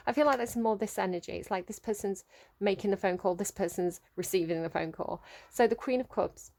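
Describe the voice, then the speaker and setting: Tarot reader: woman, soft emotive delivery, hesitant fillers, mid pitch. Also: brisk. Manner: gentle, emotive, searching for words with many fillers. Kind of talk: intuitive tarot reading.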